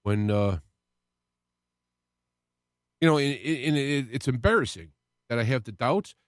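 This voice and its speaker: A man's voice: mid-range voice, animated, a little slow, no echo. Earnest man on a dry mic. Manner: earnest, rambling, with restarts and emotional swells. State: close to tears at moments. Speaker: internet radio host. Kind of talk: personal faith talk monologue.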